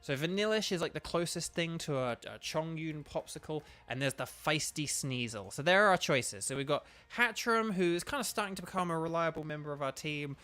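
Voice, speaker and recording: A young man chats to his stream audience as he plays, wandering off on tangents with lots of "um" and "like". His voice is bright and sits a little high, and faint game music plays underneath. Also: expressive, a little fast, few pauses. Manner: rambling, lots of fillers and restarts. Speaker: streamer and voice actor. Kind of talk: casual gameplay commentary to live chat.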